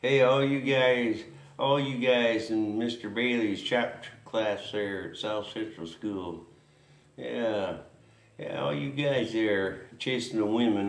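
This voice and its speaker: A man's voice: medium pitch, slow pace, roomy sound. A man hosting a racing history show, rambling through a folksy story with lots of chuckles and asides.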